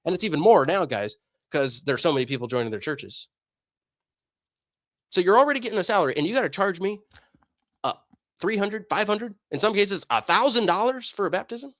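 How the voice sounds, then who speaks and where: A man in a casual commentary rant, his slightly high voice swinging widely as he mocks and scoffs. The sound is dry and close, with no room around it. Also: a little fast, pauses often, dry recording. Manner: animated, sarcastic, mocking. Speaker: streamer, commentator.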